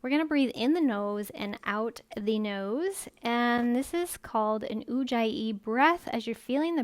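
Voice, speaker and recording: A woman yoga instructor gently guiding a live-streamed class in a chatty, easygoing way. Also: fairly high pitch, no echo. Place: home room, phone camera set far off. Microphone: phone far across the room.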